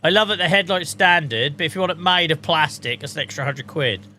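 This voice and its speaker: Brisk and bright, his slightly high voice carries a forceful edge against faint background noise. Streaming a farming game, he jokes, curses freely and talks to chat in an easygoing running commentary.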